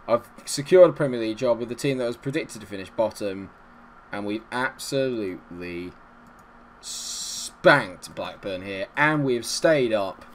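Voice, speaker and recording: Excitable man commentating a game. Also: medium pitch, a little hiss or hum. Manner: excitable, ranting, animated. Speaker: gaming channel host.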